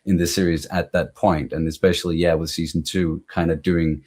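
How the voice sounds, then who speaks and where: Deep-voiced Danish man, halting. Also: little pitch movement, darkish tone. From Denmark. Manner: halting, with many restarts and fillers. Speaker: guest reactor on a panel. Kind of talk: casual panel discussion.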